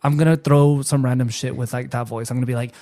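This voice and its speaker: A man's voice: medium pitch, fairly even intonation, fast talker, warm tone. A young man hosting a podcast, chatting casually and playfully, often slipping into silly put-on voices. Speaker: podcast host. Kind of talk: casual chat.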